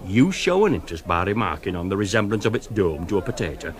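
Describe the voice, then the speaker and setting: A man voicing a gruff older male relative with a Northern English accent, grumbling and rambling. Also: fairly low pitch, very animated, quick pace. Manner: complaining, rambling storyteller.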